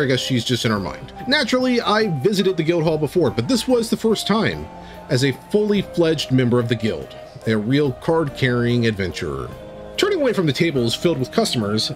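A man streaming and game-mastering, reading an AI-written tabletop story live and breaking off to react to it. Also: fairly high pitch.

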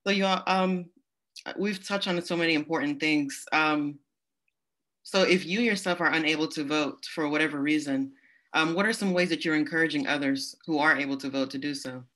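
A woman's voice: low voice, moderate pace, fairly bright tone. A young woman moderating a panel discussion, thoughtful and casual in her phrasing. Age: young adult.

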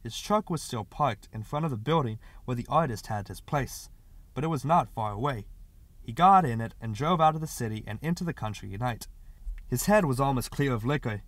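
A man reading a short story aloud as an audiobook narrator, in expressive scripted narration. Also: mid-range voice, dry recording.

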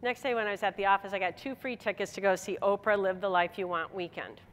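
A woman's voice: mid-range voice, fast. A middle-aged woman from Michigan giving a motivational speech to a convention, telling a personal story with laughs and acted-out dialogue. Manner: animated, laughing, acts out dialogue. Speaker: convention speaker. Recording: hall reverb on a stage talk.

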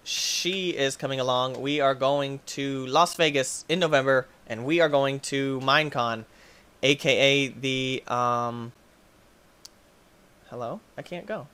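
A young man giving let's play commentary, excitable and quick to get frustrated, yelling at the game between chatty asides to viewers. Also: mid-range voice, clear, resonant tone. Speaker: gaming YouTuber.

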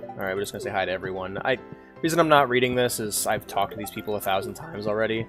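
A man's voice: lowish voice, lively intonation, quick pace, fairly bright tone, soft background music. A man streaming a farming game, chatting casually, humming to himself, reading lines aloud and swearing freely. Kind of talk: casual gameplay commentary.

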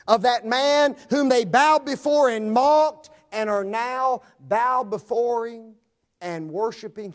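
A man preaching a sermon to his congregation, speaking to them directly and swinging from loud climaxes to hushed low lines.

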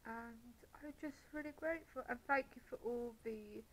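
A woman's voice: a little high, moderate pace, slight background noise, poor audio. A woman in her twenties talking earnestly to her viewers in a rambling, heartfelt vlog. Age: 20s. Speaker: vlogger. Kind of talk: casual to-camera vlog.

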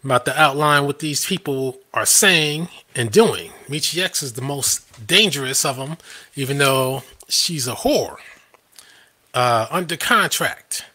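A man's voice: mid-range voice, lively intonation, measured pace, bright, forceful tone. A man hosting a live stream, ranting in a combative, scoffing way and laughing at his own points.

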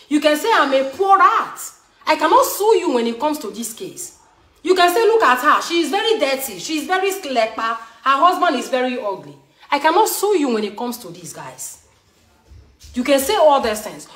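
A woman from Edo State in Nigeria with a Nigerian English accent, talking heatedly and repetitively to her viewers as a show host. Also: high-pitched. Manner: emphatic, scolding, repetitive. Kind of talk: heated live talk to viewers. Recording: roomy echo.

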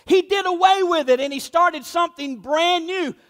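A man preaching, voicing an indignant male apostle who shouts in exasperation. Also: very high voice, moderate pace, in a large hall, pitched above the performer's own voice. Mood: exasperated. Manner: shouting, emphatic.

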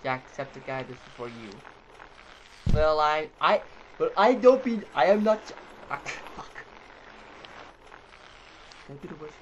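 A man's voice: fairly high pitch, big pitch swings, measured pace, long pauses, highs cut off. A young man giving rambling let's-play commentary as a gaming YouTuber, swearing and yelping when he fails. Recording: loud background noise.

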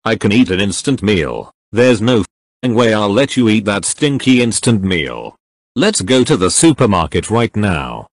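A brash, hot-tempered young hero, voiced by a man in a fan audio drama, growling crude insults in a low voice. His delivery swings widely in pitch, and the sound is close and dry. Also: sing-song, measured pace, no echo, full character voice. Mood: gruff.

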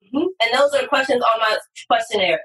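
A woman guest on a podcast, talking about copywriting in an animated, emphatic way with sudden loud bursts. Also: a little high, fairly quick. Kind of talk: casual podcast conversation. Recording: distant, echoey room sound.

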